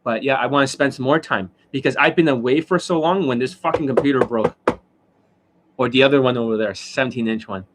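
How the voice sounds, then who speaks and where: A man's voice: mid-range voice, brisk, background noise. A man ranting as a dating coach on a livestream, profane and mocking, who keeps demonstrating and asking whether you see it. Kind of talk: livestream rant.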